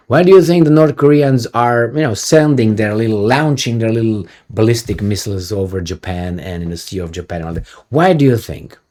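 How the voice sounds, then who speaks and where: A man's voice: on the low side, a little fast, few pauses, mellow. A middle-aged man giving a heated, sarcastic video commentary, with frequent profanity and rhetorical questions. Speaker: political commentator.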